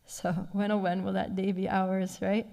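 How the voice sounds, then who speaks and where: A woman giving a devotional scripture class, retelling a story with animated feeling and frequent soft laughs. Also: mid-range voice, moderate pace, creaky, big-room sound. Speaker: class speaker. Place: temple class.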